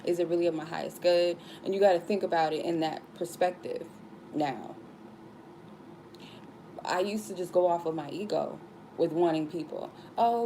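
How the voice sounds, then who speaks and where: Woman tarot reader, low gravelly voice, goofy but blunt, swears casually. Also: warm tone, a little hiss or hum. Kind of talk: casual spiritual vlog talk.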